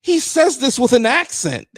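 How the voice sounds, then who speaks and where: A man hosting a live stream, excitable and profane, talking in bursts as he brings up video clips. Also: very high-pitched, a little slow. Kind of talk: casual live-stream commentary.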